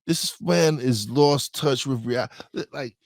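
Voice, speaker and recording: A man's voice: medium pitch, slow pace, no room sound, studio quality. A man co-hosting a podcast in casual chat, talking bluntly and emphatically in slang and often repeating himself. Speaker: podcast co-host.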